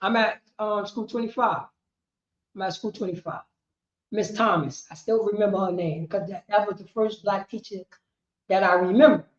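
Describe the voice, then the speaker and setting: A woman teaching a history class, lecturing emphatically, repeating herself and rising to shouts. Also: mid-range voice, moderate pace. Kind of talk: street-preaching lecture. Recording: roomy, dull lo-fi sound.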